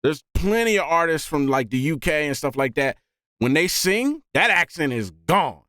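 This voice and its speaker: A man hosting a music reaction video, talking casually and excitedly and often saying "man". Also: fairly high pitch, normal speed, dry recording, clean studio sound. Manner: animated, often says "man".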